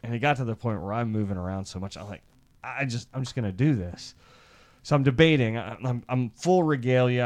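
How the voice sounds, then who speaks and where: A man from Iowa co-hosting a podcast, telling a crude, animated hunting story and laughing as he talks. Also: mid-range voice. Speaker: podcast co-host. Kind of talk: crude storytelling among friends.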